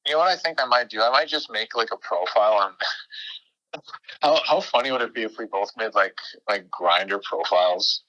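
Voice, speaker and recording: Male podcast guest, giggly and rambly, bright sharp tone. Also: fairly low pitch, lively intonation, normal speed, dull audio. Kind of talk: casual comedic banter.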